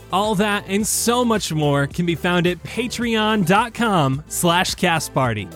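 Upbeat male host signing off. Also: sits high. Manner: grateful, upbeat sign-off. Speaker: podcast host. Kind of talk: show outro.

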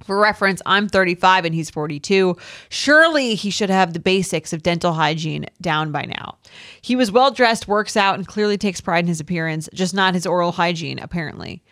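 A woman's voice: lowish voice, expressive, fairly quick, a bit bright, no room sound. Woman, podcast co-host, casual chat, chatty, dry close mic. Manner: chatty, laughs easily. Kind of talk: casual chat and reading listener emails.

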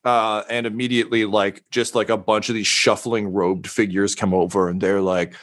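A man's voice: on the low side, little pitch movement, normal speed, fairly bright tone. A man narrating a tabletop game as game master, rambling with many fillers.

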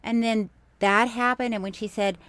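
A woman co-hosting a podcast in casual chat, an animated storyteller who breaks into loud laughter. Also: on the high side, normal speed. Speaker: podcast co-host.

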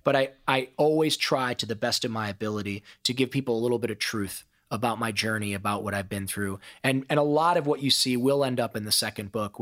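A middle-aged man from Ohio, a podcast guest telling stories in an emphatic, profane, animated way. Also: medium pitch. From Ohio, USA. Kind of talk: casual storytelling interview.

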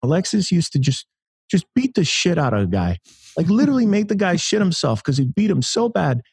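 A man doing an exaggerated impression of a famous boxer gushing with admiration, in a high, lisping, hammy voice. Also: sing-song, brisk, darkish tone, husky, no room sound, clean studio sound, exaggerated voice. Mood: admiring.

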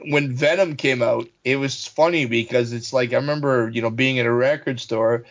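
A man's voice: medium pitch, fairly even intonation, normal speed. A man in his forties co-hosting a podcast in casual chat, telling rambling stories with lots of fillers. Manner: rambling storyteller, many fillers. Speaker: podcast co-host. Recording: slightly dull lo-fi audio.

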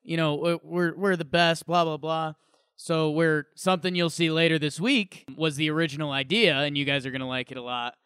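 Rambling male co-host, bright smooth voice, recorded dry and close. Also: on the high side, fairly quick, no room sound. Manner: rambling, animated storytelling. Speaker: podcast co-host. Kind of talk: casual podcast chat.

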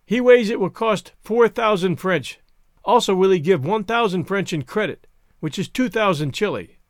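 A man doing a shrill, frightened wife. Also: lively intonation, moderate pace, no echo, studio quality. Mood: commanding. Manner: shrieking, commanding.

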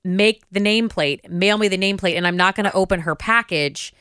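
A woman's voice: medium pitch, fairly quick, fairly bright tone, clear, resonant tone, no echo, studio quality. A young adult woman co-hosting a podcast, chatting casually and giggling as she tells stories. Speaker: podcast co-host. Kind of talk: casual chat.

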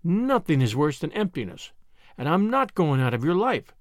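A man reading the part of an earnest, thoughtful young woman in an audiobook, speaking gently and reassuringly. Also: fairly high pitch, big pitch swings, moderate pace, no room sound, studio quality. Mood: gentle.

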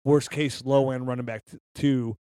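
A hoarse man co-hosting a sports podcast, rattling off player stats and rankings in casual chat, his voice giving out. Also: mid-range voice, steady tone, normal speed, mellow, no echo. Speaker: podcast co-host.

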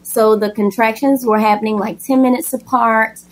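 A young woman talks casually and at length, telling a personal story in a chatty, animated way. She slips into a higher voice to act out what people said. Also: moderate pace. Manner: chatty and animated, acts out quoted lines in a high voice. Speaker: guest telling her birth story.

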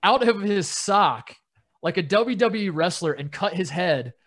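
A man's voice: high-pitched, expressive, unhurried, a bit bright. A man co-hosting a sports podcast, telling stories in a rambling, casual way with frequent laughs. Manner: rambling storyteller, laughs often. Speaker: podcast co-host.

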